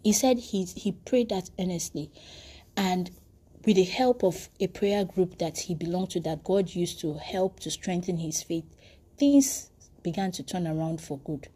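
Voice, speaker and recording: A woman gives a devotional sermon. Her voice is mellow and slightly husky. She speaks earnestly, often restarting phrases as she tells her stories. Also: on the low side, unhurried. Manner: earnest storytelling with frequent restarts. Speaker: preacher.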